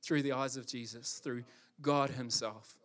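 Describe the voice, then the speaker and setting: A man's voice: mid-range voice, fairly even intonation, measured pace, fairly bright tone. A man preaching a sermon, impassioned and emphatic, building his points through repetition.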